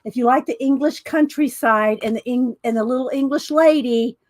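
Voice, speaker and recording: A woman talks casually to her live viewers, greeting them one by one by name. Her throat is scratchy and she keeps clearing it. Her voice sits a little high. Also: normal speed. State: scratchy throat, struggling to talk. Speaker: craft channel host. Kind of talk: casual live-stream chat.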